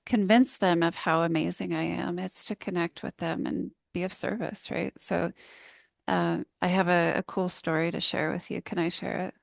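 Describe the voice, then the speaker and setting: A woman's voice: on the low side, steady tone, moderate pace, creaky, no echo, clean studio sound. A woman, a business coach and public speaker, telling an earnest, heartfelt story in a casual podcast conversation.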